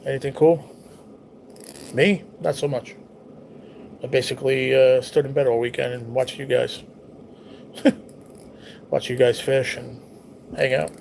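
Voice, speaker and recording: A man's voice: mid-range voice, fairly even intonation, unhurried, gravelly, long pauses, darkish tone, slight background noise. A man hosting a casual livestream, chatting in a rambling way and reacting to viewers' messages. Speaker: livestream host reading chat. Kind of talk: casual chat.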